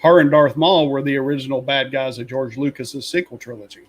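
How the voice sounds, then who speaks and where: A man's voice: medium pitch, steady tone, brisk, rough recording. A man co-hosting a casual fan chat, rambling and opinionated, with lots of fillers and asides. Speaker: podcast co-host.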